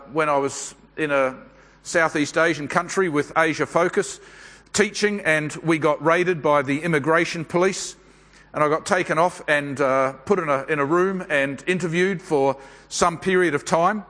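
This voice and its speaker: A man preaching a sermon at a church service, speaking in a measured, unhurried way with pauses and fillers. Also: on the high side, fairly bright tone, big-room sound.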